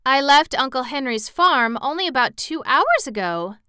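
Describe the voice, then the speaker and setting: A woman's voice: high-pitched, sing-song, normal speed, pushed and bright, clean tone, dry recording, studio quality, voice pushed up, full character voice. A woman reading aloud and voicing a polite, curious little farm girl in a storybook, earnest and wondering.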